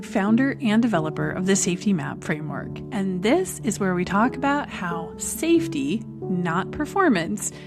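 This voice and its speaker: A woman hosting her own podcast, talking alone in an earnest, smiling tone with long pauses between phrases. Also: mid-range voice. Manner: smiling, excited tone. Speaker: podcast host. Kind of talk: solo podcast talk.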